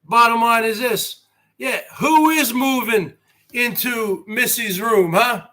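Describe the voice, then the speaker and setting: A very high-pitched man with a bright, sharp voice holds forth on his live stream in slow, drawn-out phrases. He boasts with wrestling-promo bravado and keeps throwing rhetorical questions at his viewers. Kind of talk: rambling live-stream chat.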